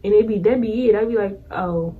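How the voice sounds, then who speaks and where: A young woman vlogger talking straight to her viewers in a blunt, sassy, offhand way, laughing at her own story. Her pitch sits mid-range. A faint hiss and some room ambience hang under her voice. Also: fairly even intonation, fast, narrow, tinny audio. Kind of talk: casual storytelling vlog.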